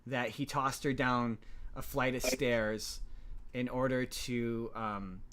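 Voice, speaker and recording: A man's voice: mid-range voice, little pitch movement, takes it slowly, a crowd in the background. A man hosting a podcast, recapping a movie plot in a loose, rambling way with many restarts. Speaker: podcast host.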